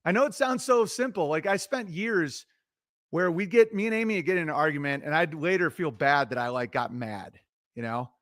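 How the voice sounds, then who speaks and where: Animated, cussing middle-aged man. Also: on the high side, normal speed, dry recording, studio quality. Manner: animated, profane, self-interrupting. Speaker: livestreamer giving relationship advice. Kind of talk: casual rambling monologue.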